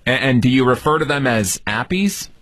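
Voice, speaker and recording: A man's voice: mid-range voice, lively intonation, moderate pace, fairly bright tone, dry recording. A man hosting a radio call-in show, teasing and joking with a caller. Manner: playful, teasing. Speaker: radio host.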